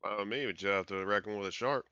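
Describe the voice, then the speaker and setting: A man's voice: lowish voice, fast talker, bright, forceful tone, muffled recording, a little hiss or hum. A man playing his wizard in a tabletop game, answering in a dry, laconic way with some swearing. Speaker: player.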